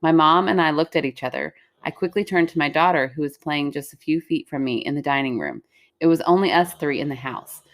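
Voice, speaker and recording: A woman's voice: deep voice, animated, fairly quick. A woman co-hosting a podcast, reading listener stories aloud in casual chat and laughing easily. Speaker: podcast co-host.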